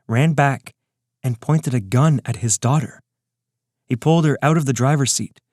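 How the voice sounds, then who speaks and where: A man reading scripted narration of a serial story in a steady storytelling manner. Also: mid-range voice, no echo, studio quality.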